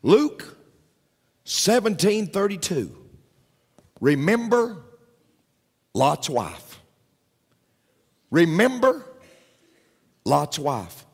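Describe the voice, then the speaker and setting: A pastor delivers a sermon in a high, husky, swooping voice with big pitch swings, drawn-out words, vocal fry, and frequent pauses. He hammers points home through repetition and often turns to the congregation with asides. A long reverberant tail fills the room, like a large sanctuary.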